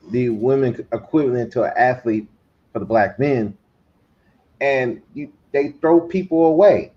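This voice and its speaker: A man giving casual spoken commentary as a podcast panelist, talking in long animated runs that climb to emphatic points. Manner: animated, builds to emphatic higher pitch. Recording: dull lo-fi stream audio.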